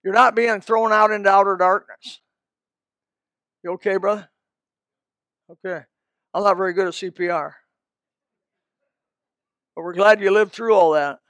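Folksy preacher guy, high voice, rambles with asides, dry close sound. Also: fairly even intonation, unhurried, long pauses, a bit bright, no echo. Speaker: pastor. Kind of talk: sermon.

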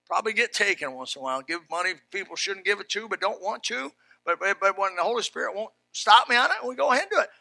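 Folksy, bright-voiced preaching man. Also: high-pitched, quick pace, vocal fry, no room sound. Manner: folksy storytelling, animated, builds to shouts. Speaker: pastor. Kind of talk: sermon.

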